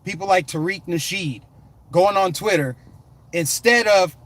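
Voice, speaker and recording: A man's voice: high-pitched, unhurried, fairly bright tone. A man from the United States giving fired-up political commentary in an emphatic, combative, repetitive way.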